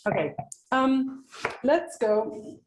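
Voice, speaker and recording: A woman's voice: sits high, expressive, very slow, reverberant, noisy background. A woman hosting a casual live chat, talking freely with many fillers and frequent laughs. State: coughing from spicy food. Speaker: host. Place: home kitchen.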